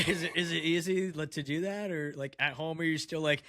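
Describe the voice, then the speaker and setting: A man hosting a podcast, asking long, halting questions full of fillers. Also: a little high, fairly even intonation, a bit bright, no room sound, studio quality. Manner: halting, hedging, heavy fillers. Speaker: podcast host.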